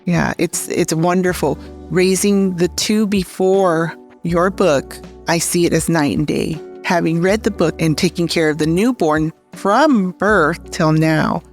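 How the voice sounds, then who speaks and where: A woman's voice: lowish voice, a little slow, soft background music. A woman co-hosting a parenting podcast at a studio microphone, sharing stories about her own children. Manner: warm, shares personal parenting stories. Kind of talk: conversational podcast chat. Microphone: studio microphone at a table.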